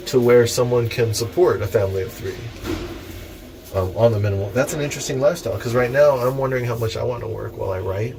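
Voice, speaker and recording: Talking fast in a medium-pitched, darkish voice with vocal fry, a young man vlogs while reading from a book. His commentary is rambling, casual, and profane, peppered with jokey asides, over noisy background ambience.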